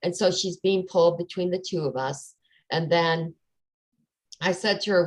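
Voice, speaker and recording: A woman with a fairly low voice chats casually with a friend. She tells a personal story with animation and acts out the dialogue as she goes. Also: normal speed, pauses often, low-quality recording.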